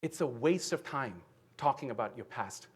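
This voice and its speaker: A man in his fifties from India giving a motivational keynote speech, telling his story earnestly and often checking in with the audience with a quick "right?". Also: medium pitch, animated, slightly rough. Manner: earnest storytelling with frequent "right?" tag questions. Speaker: keynote speaker. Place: conference venue.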